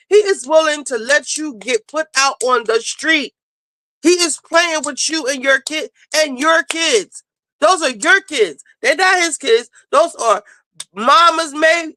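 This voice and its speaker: Female host, high voice, dry close sound, blunt and profane, casual commentary. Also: no room sound, poor audio. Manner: blunt, profane, fast-talking, animated. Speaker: show host. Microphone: home streaming setup.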